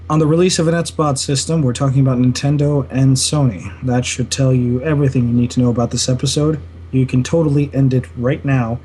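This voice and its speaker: A man's voice: mid-range voice, steady tone, fairly quick, dark tone, a little hiss or hum. A young man co-hosting a casual gaming podcast, sarcastic and teasing, laughing often. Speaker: podcast co-host.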